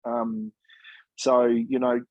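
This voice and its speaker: A man's voice: mid-range voice, big pitch swings, drawn-out words, creaky, no room sound, narrow, tinny audio. A man in his fifties from New Zealand, a former player and coach, telling stories in a laid-back, chatty way and calling people "mate". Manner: laid-back, chatty, says "mate" often, acts out quoted dialogue. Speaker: former rugby league player and coach, guest. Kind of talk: casual storytelling interview.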